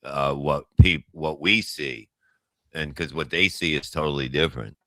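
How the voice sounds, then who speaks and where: A man's voice: rumbling low, normal speed, sharp tone, no echo. A man chatting casually on a show, rambling and teasing. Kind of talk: casual chat.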